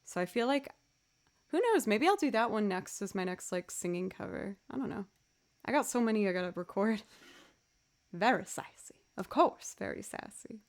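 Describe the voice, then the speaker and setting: A woman's voice: mid-range voice, animated, brisk. A woman chatting casually on a livestream, tired and yawning, rambling and thanking viewers as she goes. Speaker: streamer and musician.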